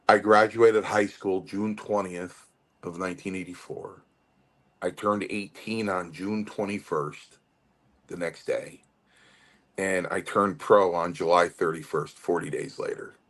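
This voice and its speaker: Deep-voiced man telling a rambling story. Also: slow. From Connecticut. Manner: rambling, animated storytelling with restarts. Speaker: guest wrestler. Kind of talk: storytelling interview.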